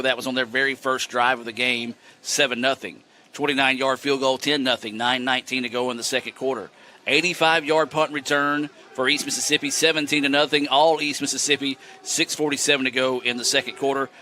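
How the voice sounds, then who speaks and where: A man's voice: medium pitch, slight background noise. A man broadcasting a football game, steadily running down the scoring in a recap. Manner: steady, recites scores and times. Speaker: play-by-play broadcaster.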